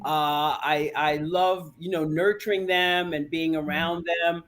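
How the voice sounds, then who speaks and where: Older female guest, slow and emphatic, warm chat over a video call. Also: low voice, fairly even intonation. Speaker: guest singer. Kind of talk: casual interview chat.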